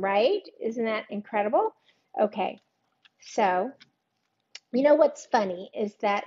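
A woman's voice: mid-range voice, darkish tone, lo-fi sound. An older woman hosting a live-streamed cooking demo, chatting casually, joking at her own expense and greeting viewers by name. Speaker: cooking show host.

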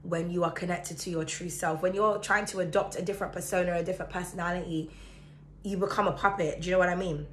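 A woman's voice: fairly low pitch, fairly even intonation, fast, fairly bright tone, a little hiss or hum. A woman from the Caribbean giving a chatty, emphatic tarot reading, speaking straight to the viewer. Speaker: tarot reader.

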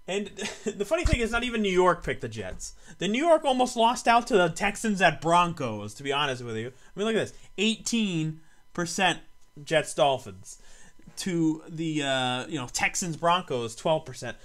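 Exasperated young man ranting, high and animated. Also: moderate pace. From Florida. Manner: profane, exasperated, bursts into yelling. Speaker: podcast host. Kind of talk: angry sports rant.

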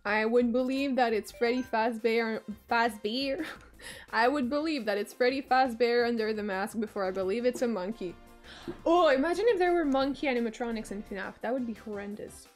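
A woman streamer giving live commentary as she plays, excitable, swearing and shrieking when things get fast. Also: fairly high pitch, soft background music. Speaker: gaming streamer.

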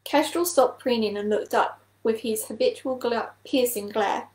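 A woman reading a children's animal novel aloud as a storyteller, steady and clear. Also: a little high, normal speed, reverberant, rough recording.

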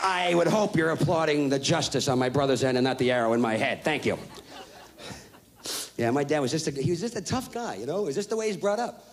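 A faint crowd can be heard as a stand-up comedian in his thirties tells a vulgar story at a rapid clip, brash and shouting his punchlines. His pitch is a little high.

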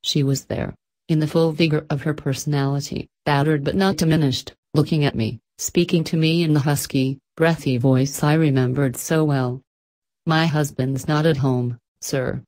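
Woman audiobook narrator, low voice, calm measured reading. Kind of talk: scripted narration.

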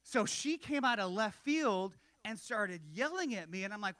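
A man in his forties delivering a sermon like a chat with friends, breaking off into jokes and asides. His voice sits a little high for a man. The sound is dry and close, with no room echo. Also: big pitch swings, moderate pace, hardly any pauses, sharp tone. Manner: conversational, self-deprecating humor with frequent asides. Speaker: pastor.

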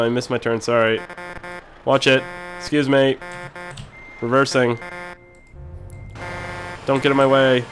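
A man hosting a casual let's-play video while sick, clearing his throat often, excitable and quick to yell and swear when things go wrong. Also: mid-range voice, soft background music. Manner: excitable, swears and yells at mishaps. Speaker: gaming video host.

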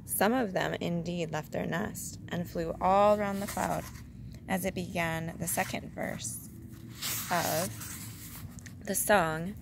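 A woman reading a children's storybook aloud in a calm, measured way. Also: lowish voice, gravelly, noisy background.

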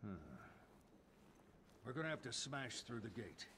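An actor playing a gruff, protective older father figure with a steady, practical manner in a video game. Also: mid-range voice, unhurried, background noise, close to an everyday voice.

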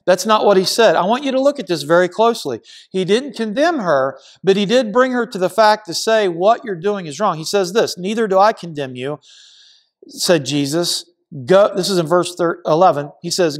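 A man's voice: high voice, moderate pace. A man pastor preaching a sermon in a church, earnest and emphatic, repeating phrases for stress. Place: church sanctuary.

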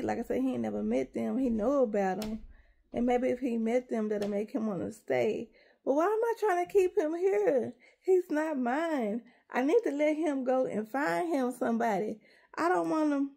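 High gravelly woman close to tears. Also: lively intonation, normal speed, dark tone. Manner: emotional, on the verge of tears, rambling with repeated words. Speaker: vlogger. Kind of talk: casual confessional chat to viewers.

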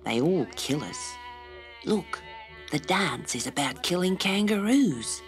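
A woman voicing a gentle, hushed mother kangaroo. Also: big pitch swings, slow, soft background music, heavily acted. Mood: grave. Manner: low, hushed and breathy. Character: gentle motherly female kangaroo, weary and protective.

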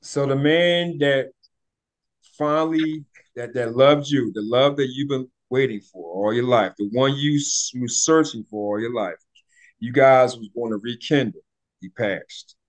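A man's voice: medium pitch, unhurried. A man hosting a podcast, encouraging his guest with short affirmations. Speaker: podcast host. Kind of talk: supportive interview chat.

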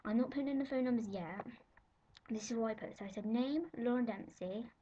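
A twelve-year-old girl from the UK talking excitedly in a casual vlog, giddy and breathless, often slipping into whispers. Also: on the high side, fast talker. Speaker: vlogger. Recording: dull lo-fi webcam audio with faint hiss.

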